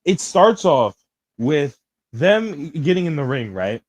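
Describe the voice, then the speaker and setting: A man co-hosting a casual wrestling podcast, describing matches excitedly in loose slang. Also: on the high side, takes it slowly, no echo, low-quality recording. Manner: excitable, slangy, says bro a lot. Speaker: podcast co-host. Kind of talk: casual wrestling review chat.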